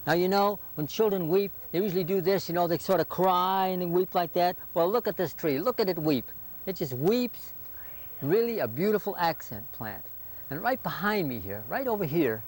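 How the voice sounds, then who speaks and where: A man hosting a folksy how-to gardening show outdoors, talking straight to viewers in a chatty, homespun way. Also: on the high side. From Northern Virginia. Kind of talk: folksy how-to presentation to camera. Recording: faint background noise, 1980s local TV.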